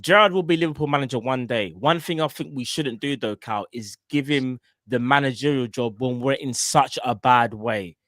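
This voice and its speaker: A man hosting a casual football podcast, talking in animated, slangy banter and laughing often. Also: mid-range voice, normal speed, hardly any pauses, dry recording, clean studio sound. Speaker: host.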